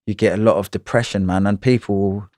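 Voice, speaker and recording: A man's voice: lowish voice, steady tone, fairly quick, a little mellow, dry recording, clean studio sound. A man, telling prison stories in a casual interview, in heavy slang with frequent swearing and "you know what I mean".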